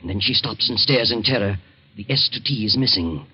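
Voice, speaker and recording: A male narrator telling a suspense story in a measured, dramatic 1940s radio style. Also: lowish voice. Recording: dull old radio recording with music.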